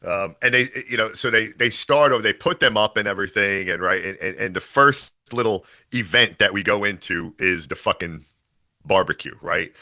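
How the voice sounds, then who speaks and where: A man's voice: on the low side, normal speed. A man co-hosting a podcast, retelling a horror movie in casual, profane, laughing chat. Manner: profane, laughing, animated storytelling. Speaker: podcast co-host.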